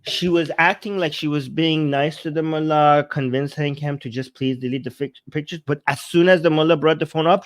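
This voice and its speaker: A man giving casual commentary while translating a video, halting and often restarting his sentences. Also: fairly high pitch, no echo. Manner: halting, with frequent restarts and repeated words.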